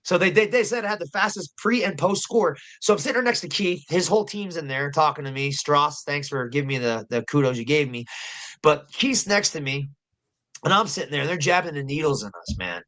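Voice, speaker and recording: A fairly high-voiced man talks as a podcast guest. He tells stories loosely, stumbling over repeated words and swearing freely, in a casual chat style. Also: lively intonation, brisk, pushed and bright. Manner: rambling, profane, repeats himself. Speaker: guest, professional bare-knuckle fighter.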